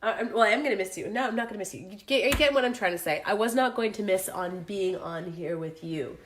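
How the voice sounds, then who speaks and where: A woman's voice: mid-range voice, quick pace, slight background noise. A woman with a cold hosting a casual live crafting stream, flustered and chatty as she talks to viewers. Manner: flustered, chatty, moves away from the camera. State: sick with a cold. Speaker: crafting livestream host.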